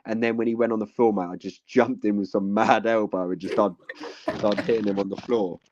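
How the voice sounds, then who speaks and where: A man's voice: lowish voice, little pitch movement, brisk, lo-fi sound, noisy background. A young man, chatting casually on a podcast, rambling with lots of fillers and swearing.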